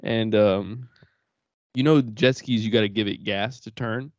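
Low-voiced young man, rambling and profane. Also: steady tone, unhurried, no room sound. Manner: rambling, profane, laughs through stories. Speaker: podcast co-host. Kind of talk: casual chat.

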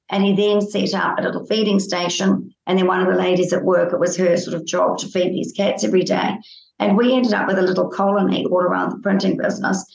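A woman from New with a slightly croaky voice, telling stories chattily as a radio interview guest. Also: fairly low pitch. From New Zealand. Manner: chatty storytelling. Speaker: guest, cat charity founder. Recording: roomy echo.

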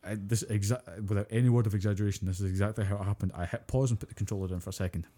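A man, co-hosting a podcast and retelling a video game's story in casual, animated chat, swearing freely as he goes. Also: on the low side, rapid-fire. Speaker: podcast co-host.

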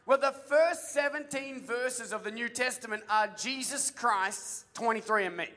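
A man preaching with a very high, bright voice, joking with the congregation and firing questions at them. His energetic sermon echoes with long reverb through a large church hall. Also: unhurried. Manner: humorous, energetic, quizzes the congregation. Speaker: pastor.

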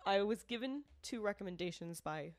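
A woman's voice: medium pitch, lively intonation, moderate pace, no room sound. A woman co-hosting a casual true-crime podcast, talking frankly and with indignation, swearing and laughing often. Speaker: podcast co-host. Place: not from the area where the show is made.

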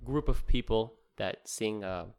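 A young man co-hosting a casual podcast, rambling and halting with many restarts. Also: lowish voice, a little mellow, smooth. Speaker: podcast co-host.

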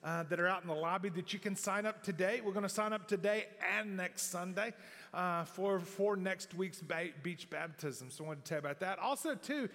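High, bright-voiced male pastor in a hall. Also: brisk. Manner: folksy, rambling, many restarts and fillers. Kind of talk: sermon. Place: church sanctuary. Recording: long hall reverb.

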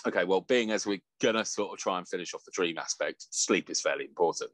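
A man's voice: low-pitched, fast talker, fairly bright tone, no room sound. A man co-hosting a casual podcast chat, laughing often, swearing freely and slipping into mock voices. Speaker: podcast co-host.

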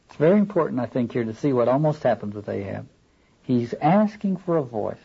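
A man lecturing on a novel in a thoughtful, halting way, often stopping to read passages aloud, on a dull lo-fi recording. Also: mid-range voice, very animated, vocal fry, slightly rough. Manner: thoughtful, halting, rereads quoted lines aloud. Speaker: literature lecturer.

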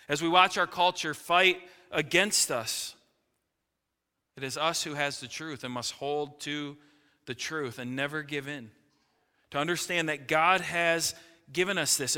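Bright-voiced male pastor preaching in a hall. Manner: emphatic preaching, rising to loud peaks then dropping low. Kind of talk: sermon.

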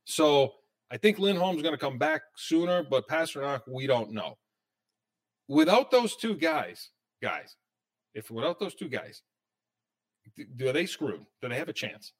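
A man hosting a sports talk show, talking casually in an animated, excitable way. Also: a little high, measured pace.

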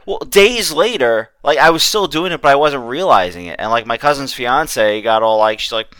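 A man with a bright, smooth voice co-hosting a podcast, easygoing and rambling as he talks. The sound is dry, with no room echo. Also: mid-range voice, animated, moderate pace. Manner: laid-back, rambling storyteller. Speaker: podcast co-host. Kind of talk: casual podcast banter.

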